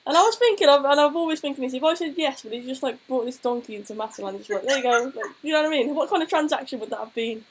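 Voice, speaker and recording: A woman's voice: high-pitched, lively intonation, rapid-fire, few pauses, low-quality recording. A woman co-hosting a casual football chat stream, thanking viewers and telling stories. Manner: chatty, thanks viewers, tells anecdotes. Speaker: co-host of a football chat show.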